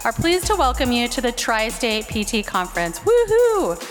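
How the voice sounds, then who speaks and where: A woman's voice: a little high, big pitch swings, normal speed, music in the background. A woman theatrically announcing a host at a conference. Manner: showy, theatrical. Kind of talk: stage announcement.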